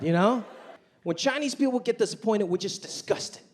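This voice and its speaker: A man in his thirties performing a stand-up comedy set on a theater stage, animated and acting out family members in exaggerated voices. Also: high voice, slow pace, pauses often. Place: large theater stage with live audience. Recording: live show with loud audience noise.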